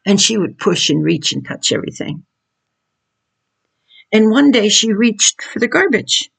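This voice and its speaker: An older woman, a mother, gives earnest, preachy Christian advice on raising children in an informal teaching monologue, repeating her points as she goes. Her mid-range voice is very animated, unhurried, husky, and marked by vocal fry.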